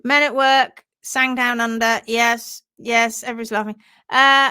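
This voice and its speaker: A woman hosting a casual live stream about horse care, chatting and reading out viewer comments in a lively, animated way. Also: fairly high pitch, unhurried, clean tone, no room sound, clean studio sound. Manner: chatty and animated, laughs easily, acts out quotes in funny voices.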